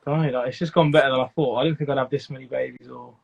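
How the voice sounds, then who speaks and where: A man's voice: mid-range voice, fairly even intonation, very fast, vocal fry, breathy edge, lo-fi sound. A man talking as a guest in a casual chat, hesitant and full of fillers. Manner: hesitant, lots of fillers and restarts. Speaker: guest breeder.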